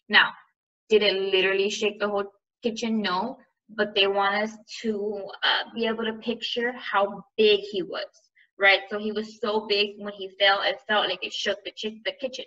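Bright-voiced teacher reading aloud. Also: female voice, medium pitch, far from the mic, lo-fi sound. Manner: explanatory, checking in with "right?". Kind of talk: reading a novel aloud and explaining figurative language.

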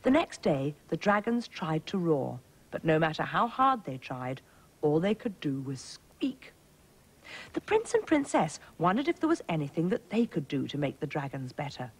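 Husky woman reading a children's story. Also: low voice, sing-song, moderate pace, low-quality recording. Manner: gentle, clear, sing-song storytelling. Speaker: schools TV presenter. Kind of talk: storybook narration to young children.

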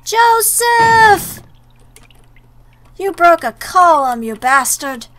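A woman's voice: sits high, expressive, measured pace, pushed and bright, slight background noise. A young woman playing a video game and commenting, exasperated and swearing at it. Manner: exasperated, swears at the game, reads game text aloud. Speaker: let's play gamer. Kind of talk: let's play commentary. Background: faint game music.

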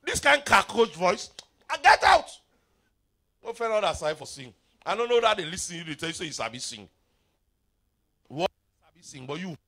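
This is a middle-aged preacher in full sermon flow, swinging from low asides to sudden shouts. His voice is bright and a little gravelly, and his pitch leaps all over as he teases the congregation. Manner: animated preaching in pidgin-laced English, sudden shouts and playful asides. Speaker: apostle preaching at a revival.

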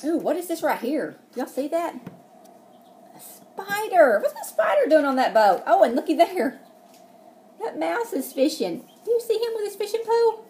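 A woman's voice: very high-pitched, big pitch swings, normal speed, a little mellow, slight background noise. A woman preschool teacher, reading a picture book aloud and asking the children questions.

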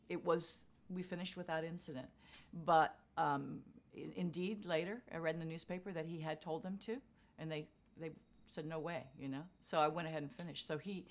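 An older woman being interviewed, telling a story with lively acted-out quotes. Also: deep voice. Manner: vivid storyteller acting out quotes. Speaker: interviewee, marathon runner.

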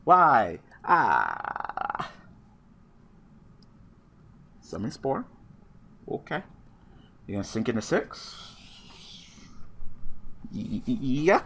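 Man, bright tense voice, casual gameplay commentary, cursing, excitable. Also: medium pitch, takes it slowly, gravelly, pauses often, slight background noise. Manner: profane, excitable, talks to his opponent. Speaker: online card game player commenting on his match.

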